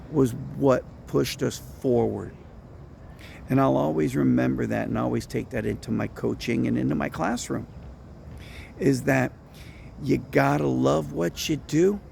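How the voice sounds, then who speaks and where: A man, a football coach and teacher, telling lively stories about a late friend and mentor, then speaking earnestly in tribute. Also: creaky, a little hiss or hum. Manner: animated storytelling, rising high when excited, earnest when reflecting. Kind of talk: casual storytelling tribute.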